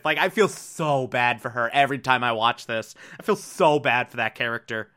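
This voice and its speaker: A man's voice: medium pitch, normal speed, few pauses, fairly bright tone. A man casually recapping an anime, rambling with laughs and acting out the characters' lines.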